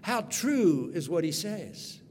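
A male preacher with a fairly high voice, preaching at an unhurried pace. He tells the story dramatically, punching some words loud and dropping into quiet asides. The voice carries a long hall reverb over a faint hum. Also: sing-song. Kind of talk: sermon.

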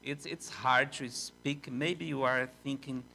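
An older man with a Portuguese accent, a native Portuguese speaker, preaching as a visiting missionary in halting, self-deprecating English. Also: mid-range voice, fairly even intonation, creaky, pushed and bright, a little hiss or hum. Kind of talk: sermon in a church.

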